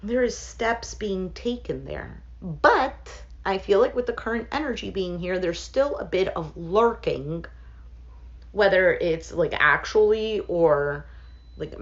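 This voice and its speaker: Woman, casual tarot reading, thinking aloud with fillers, lowish voice, muffled lo-fi recording. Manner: thinks aloud with fillers, speaks to viewers as "some of you". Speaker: tarot reader.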